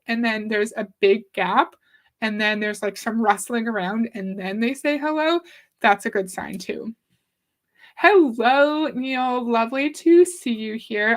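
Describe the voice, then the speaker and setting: A woman from Canada talks casually on her livestream. Her voice sits a little high, and she chats with viewers, reads their comments out loud and swears lightly now and then. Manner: chatty, reads viewer comments aloud, mildly profane. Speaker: livestream host. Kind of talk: casual live-stream talk.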